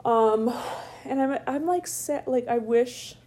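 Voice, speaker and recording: A middle-aged woman co-hosting a podcast, chatting casually and telling stories with lively acted-out voices. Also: fairly high pitch, slow pace. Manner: animated storytelling, acts out voices. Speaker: podcast co-host. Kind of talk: casual chat.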